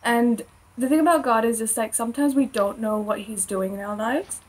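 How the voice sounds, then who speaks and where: A young woman with an Australian accent and a slightly husky, higher voice, chatting casually on a podcast. She tells personal stories about her faith in a relaxed, talkative way and laughs often. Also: normal speed, rough recording. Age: young adult. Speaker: podcast co-host.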